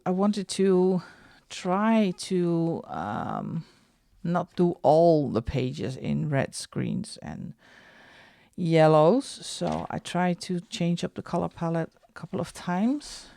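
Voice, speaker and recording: Slow, gravelly-voiced woman coloring host. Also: lowish voice, no echo. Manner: chatty, slow and unhurried, drops into soft asides. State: out of breath. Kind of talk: casual show-and-tell vlog.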